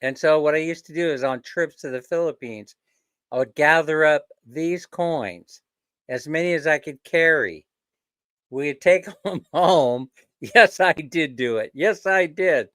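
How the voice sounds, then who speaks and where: Slow-talking jokey man. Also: fairly high pitch, a bit bright, dry recording. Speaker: livestream host. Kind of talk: casual live-stream chat.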